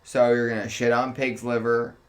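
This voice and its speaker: A man reads a novel aloud for a podcast in a steady, even voice. Between passages he chats with his co-host, his remarks coming out quickly and offhand. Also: mid-range voice. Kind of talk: reading a novel aloud, then casual chat.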